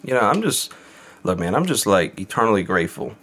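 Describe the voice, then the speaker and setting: This man's voice is fairly low, husky and fairly bright, with a sing-song lilt and a fairly quick pace. A podcast guest in recovery and an adult with kids, he rambles candidly in casual chat, full of fillers and the odd swear word.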